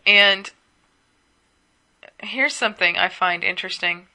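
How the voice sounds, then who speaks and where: A woman's voice: mid-range voice, measured pace, bright, forceful tone. A sleepy young woman chatting casually at home as a solo podcast host, gossiping and rambling with asides. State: sleepy, yawning.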